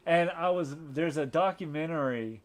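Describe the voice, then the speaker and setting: Man, podcast co-host, rambling movie chat, lots of ums and restarts, a bit high voice. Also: moderate pace. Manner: rambling, many fillers and restarts, acts out quotes. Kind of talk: casual movie review chat.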